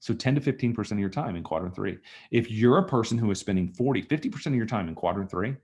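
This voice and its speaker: A man teaching a live online workshop, talking to students in a lively storytelling way and acting out conversations. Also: on the low side, fast. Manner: animated storytelling, acts out dialogue. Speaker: trainer. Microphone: video call.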